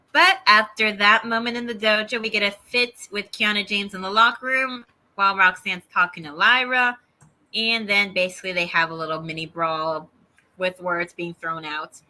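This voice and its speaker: A woman co-hosting a wrestling review show, recapping matches in an animated, opinionated way. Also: medium pitch. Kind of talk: casual recap and banter.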